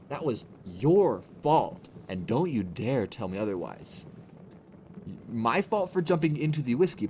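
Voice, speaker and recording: A man's voice: on the high side, a little mellow, a little hiss or hum. A man streaming a game, talking to his chat in playful, self-mocking mini rants. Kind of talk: livestream gameplay commentary.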